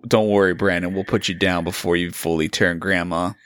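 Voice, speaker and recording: A man's voice: sits low, level tone, brisk, a bit bright, no room sound. A man co-hosting a podcast in casual, jokey chat, laughing easily as he leads the segments. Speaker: podcast co-host.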